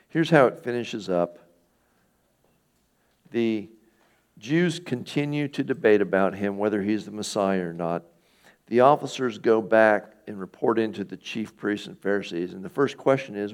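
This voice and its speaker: Male pastor, middle-aged, low gravelly voice, relaxed conversational sermon. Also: normal speed. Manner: conversational, asks the listeners questions, acts out quoted speakers.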